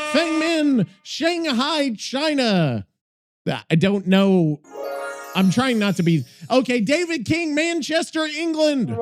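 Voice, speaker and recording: A man's voice: sits high, darkish tone. A man hosting a gaming podcast, rambling casually, swearing and thinking aloud as he looks things up. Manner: rambling, swears, talks to himself while searching. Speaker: podcast host.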